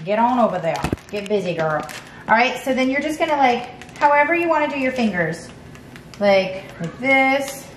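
A woman's voice: a little high, moderate pace. A woman hosting a casual cooking demonstration, chatty and playful, talking straight to the viewer. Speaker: cooking show host. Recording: echoey room, mic at a distance, steady background hum.

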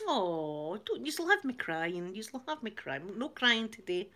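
A woman's voice: medium pitch, big pitch swings, a little slow, sharp tone. Giggly Glaswegian woman chatting live. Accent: Glaswegian Scottish. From Glasgow, Scotland. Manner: chatty, giggly, laughs often between lines. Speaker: channel host reading viewer comments. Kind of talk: casual live-stream chat.

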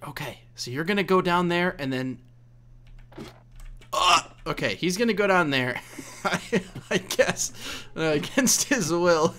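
A man's voice: on the high side, sing-song, measured pace, sharp tone. A young man casually commenting on his own gameplay, rambling and laughing at himself as he goes. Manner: chatty, rambling, laughs at himself, coaxes in-game characters. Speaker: let's play host.

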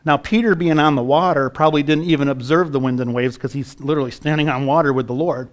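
Middle-aged male pastor, slightly high voice, fervent preaching with rhetorical questions. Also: fairly even intonation, fast. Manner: preaching with rising fervor, rhetorical questions to the congregation. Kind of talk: sermon.

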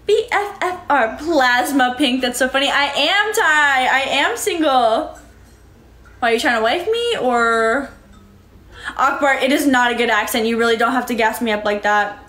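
Casting a bright-voiced woman streamer who is breezy and upbeat and reads out chat. Echoey room with faint music behind. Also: high-pitched, lively intonation, moderate pace. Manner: breezy and upbeat, thanking viewers by name. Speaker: livestreamer. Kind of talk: casual live-stream chat reading out viewer comments.

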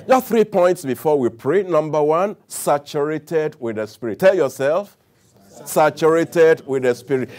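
A man preaching a sermon, calling on the congregation to answer and repeat after him. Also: fairly high pitch. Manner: animated preaching with audience call-and-response.

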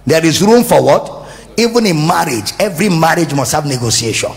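A man with a Nigerian English accent preaches a humorous, animated sermon. His voice is gravelly and fairly high, and it rises and falls widely as he turns his points into little acted scenes. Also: fairly quick. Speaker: pastor. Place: church service.

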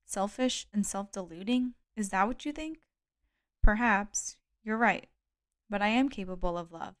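A woman's voice: medium pitch, unhurried, a bit bright, close to an everyday voice. A woman voicing an actress who pleads earnestly with a hurt friend, read from an audiobook. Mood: pleading.

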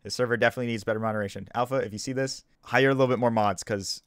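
A man's voice: mid-range voice, steady tone, very fast, a bit bright, clear, resonant tone, no room sound, clean studio sound. A man, just woken up, explaining himself in a casual video commentary, defensive and stumbling, repeating and restarting his sentences. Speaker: gaming YouTuber.

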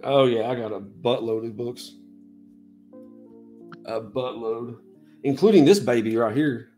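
A man hosts a livestream in an easygoing, chatty way and greets viewers as they arrive. His voice sits at a middle pitch. Faint music plays behind him. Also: a little slow, warm tone. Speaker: livestream host. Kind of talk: casual chat.

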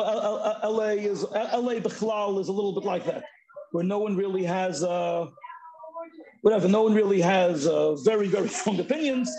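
A middle-aged man on a video call, speaking in a casual, halting way with many restarts and Yiddish and Hebrew terms mixed in. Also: high voice, mellow, rough recording. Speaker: Zoom discussion participant. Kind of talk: casual chat.

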